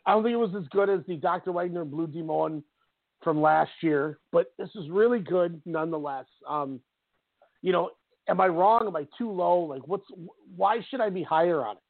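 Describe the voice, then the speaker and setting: Gravelly man chatting over a tinny line. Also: high-pitched, moderate pace, no echo. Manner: enthusiastic, animated storytelling with acted-out quotes. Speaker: podcast co-host. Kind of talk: casual wrestling podcast chat. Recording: tinny phone-like audio, dry.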